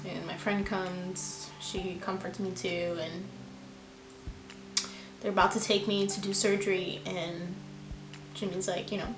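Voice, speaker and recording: A woman speaks to camera in a candid, reflective storytime, leaning on fillers as she talks it through. Her voice bounces around a roomy, echoey space, and music plays clearly in the background. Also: fairly low pitch, little pitch movement, measured pace, long pauses. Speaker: vlogger. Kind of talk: personal storytime vlog. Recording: echoey room with music behind.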